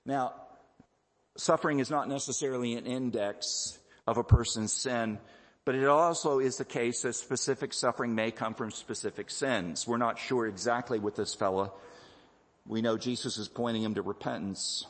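A man preaching a sermon in a measured, explanatory way, often pausing with fillers and repeated words. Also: medium pitch. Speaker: pastor. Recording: echoey hall.

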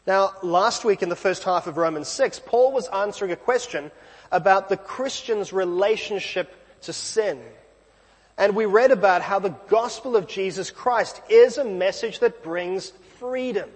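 Male preacher, high-pitched, casual conversational sermon, echoey hall. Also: unhurried. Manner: conversational, self-deprecating asides. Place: church.

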